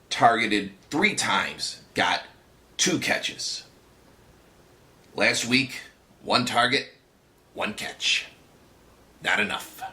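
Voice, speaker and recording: A man doing a wry, bright-voiced puppet bookie. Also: on the low side, full character voice. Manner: wry and teasing, talks down to viewers as kids. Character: wisecracking male puppet football bookie. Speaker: puppet host of a fantasy football tips show. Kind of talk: fantasy football picks rundown.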